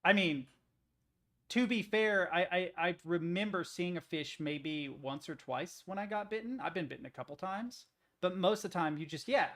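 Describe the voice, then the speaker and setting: Young guy streamer rambling and swearing, kinda high voice, laughing at weird articles. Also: moderate pace, a bit bright. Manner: profane, rambling, easily amused. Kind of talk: casual chat reacting to articles.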